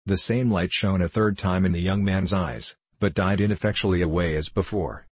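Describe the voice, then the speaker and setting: Low, husky male audiobook narrator. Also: moderate pace, dry recording. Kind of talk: audiobook narration of a classic novel.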